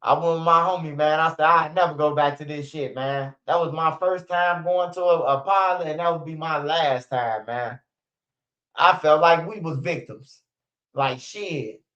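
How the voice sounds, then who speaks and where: A man's voice: fairly high pitch, normal speed, pushed and bright. A young man ranting casually to his viewers on a stream, with loose, profane street slang and lots of repetition. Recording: dull lo-fi stream audio.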